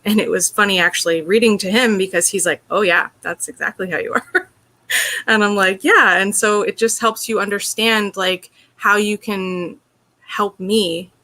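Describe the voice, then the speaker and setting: A woman's voice: lowish voice, bright, forceful tone. A woman being interviewed, telling a personal story in an earnest, open way, with lots of "like" and "you know". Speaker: interview guest.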